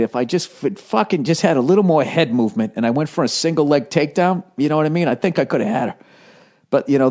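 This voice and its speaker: A man's voice: mid-range voice, darkish tone. Profane, self-mocking male comedian. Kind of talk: conversational storytelling.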